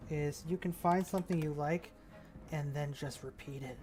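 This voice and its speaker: A man's voice: a little high, fairly even intonation, moderate pace, mellow. Male map maker, casual mumbled commentary, thinks aloud, faint music and typing behind. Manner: mutters and thinks aloud, trailing off. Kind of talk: casual commentary while working.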